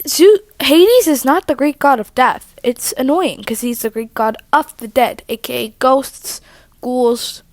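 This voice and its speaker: A woman's voice: sits high, unhurried, dry recording. A woman telling a story in a chatty, rambling vlog, interrupting herself often, recorded on her own mic at home. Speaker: vlogger. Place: living room at home. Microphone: own microphone.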